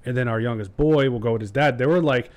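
A man's voice: medium pitch, quick pace, a little mellow. A man talking casually as a podcast guest, easygoing, chiming in and swearing now and then. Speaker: podcast guest, firefighter paramedic.

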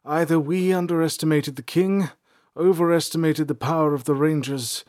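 A man voicing a weary, shaken male ranger who speaks in a subdued, halting way in a storybook. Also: on the high side, steady tone, a little mellow, dry recording, clean studio sound, pitched above the performer's own voice, lightly acted.

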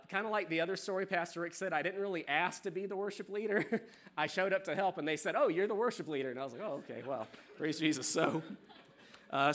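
Chatty worship leader with faint Southern accent. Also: male voice, fairly high pitch. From South Carolina. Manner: warm, chatty, joking with the congregation. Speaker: worship leader giving a sermon. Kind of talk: sermon. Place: church sanctuary.

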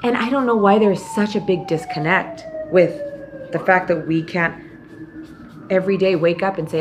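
A woman hosting a podcast, delivering a direct, tough-love motivational monologue and often quoting people in lively put-on voices. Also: fairly low pitch, moderate pace, background noise. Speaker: podcast host.

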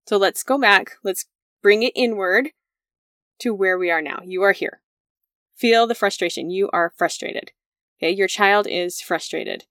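A woman's voice: mid-range voice, unhurried, fairly bright tone, no room sound. Chatty woman podcaster, dry close sound. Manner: conversational, laughs often, acts out quoted lines. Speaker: parenting podcast host. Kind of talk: casual podcast talk.

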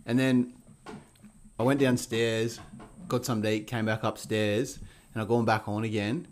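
Sweary, animated man. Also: fairly low pitch, normal speed. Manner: swears a lot, animated storytelling with put-on quotes. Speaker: podcast co-host. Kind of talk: casual sports podcast chat.

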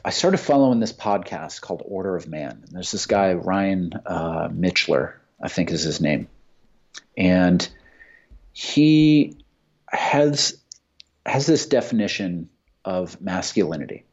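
Blunt, profane man, low voice. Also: darkish tone. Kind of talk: casual opinionated chat. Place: Santa Monica. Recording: dull lo-fi sound.

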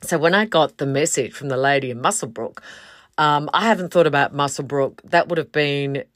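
A woman's voice: low voice, a little fast, dry recording, clean studio sound. A woman hosting a podcast, telling a story in a casual way and acting out the quoted lines. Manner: animated, acts out quotes in other voices. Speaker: podcast host.

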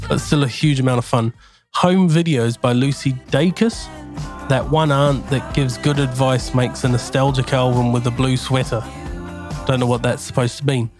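A man in his thirties co-hosts a relaxed podcast in an easy, mid-pitched voice. He reads out a friend's list with quick jokey asides and laughs mid-sentence. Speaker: podcast co-host. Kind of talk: casual chat, reading out a friend's picks.

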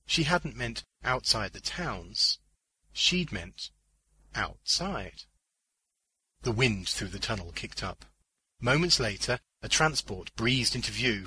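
A man reading a short story aloud as narrator, with an expressive storytelling delivery. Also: lowish voice, slightly rough, rough recording. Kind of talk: scripted audiobook narration.

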